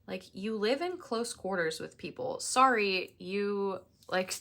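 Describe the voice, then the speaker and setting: A woman's voice: mid-range voice, lively intonation, slow, sharp tone. A young woman chatting casually as she decorates a planner at home in her apartment, with chatty, exasperated ranting asides. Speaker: planner vlogger. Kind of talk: casual chat while crafting.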